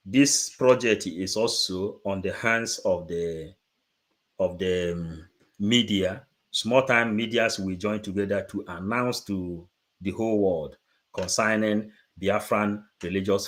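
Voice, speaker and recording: A man, giving an unscripted livestream talk, halting and repeating words, then rising into emphatic bursts. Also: fairly low pitch. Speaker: livestream presenter.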